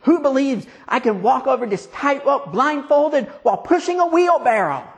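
A man voicing a boastful male tightrope-walking showman who is loudly whipping up a crowd. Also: very high voice, animated, normal speed, voice pushed up. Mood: boastful, showy. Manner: grand announcing, whipping up a crowd.

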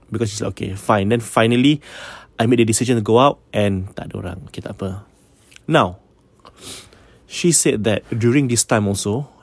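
A man's voice: lowish voice, no echo. A man casually telling a ghost story, mixing English with Malay and often checking in with his listeners.

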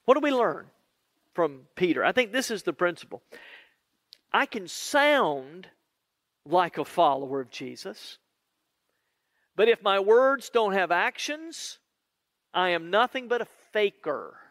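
A man preaching a sermon in an earnest, conversational way, with drawn-out pauses. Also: high-pitched, sing-song, a bit bright, no echo, clean studio sound.

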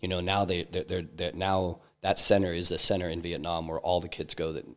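A man being interviewed, telling a personal story in a halting way, full of restarts and fillers. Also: sits low, flat delivery, fairly bright tone. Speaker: interview guest, entrepreneur.

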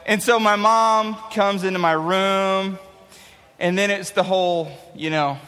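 Thirties male youth pastor, high bright voice, lively sermon delivery. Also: slow pace, clean tone. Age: 30s. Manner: animated storytelling. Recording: long hall reverb.

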